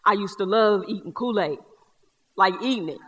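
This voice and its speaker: A woman's voice: mid-range voice, a little slow. A woman in a one-person stage show playing a boisterous young Black man with a Southern accent, who talks in streetwise slang and tells stories with jokes. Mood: nostalgic. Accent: Southern US (North Carolina). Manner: streetwise slang, joking, lively storyteller. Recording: live theater hall reverb.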